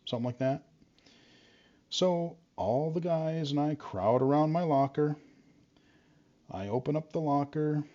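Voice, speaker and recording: Low-voiced man telling stories, lo-fi. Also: darkish tone. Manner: rambling, frequent fillers and restarts. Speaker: vlogger. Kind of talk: casual storytelling. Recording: dull lo-fi sound.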